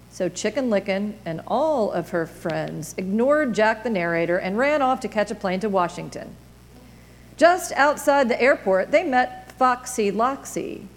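A woman pastor giving a children's sermon, reading a storybook in an animated, expressive way. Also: fairly high pitch, moderate pace, big-room sound.

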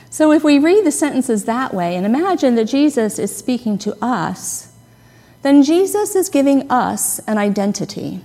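A woman pastor giving a conversational, gently humorous sermon, stressing key words. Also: sits high, big pitch swings, normal speed. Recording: long reverb of a hall.

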